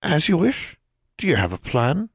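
A man's voice: wildly swooping pitch, moderate pace, creaky, slightly rough, dry recording, full character voice. A man voicing a small wrinkled male elf who speaks in a stiff, formal, disapproving way. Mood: prim, stiff. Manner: formal, stiff, high-pitched speech. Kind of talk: audiobook character voice.

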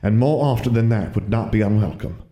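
A man reading the lines of a dignified middle-aged witch and mother, soft, wry and tender, in a low voice with a dry sound. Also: fairly quick, no room sound, close to an everyday voice.

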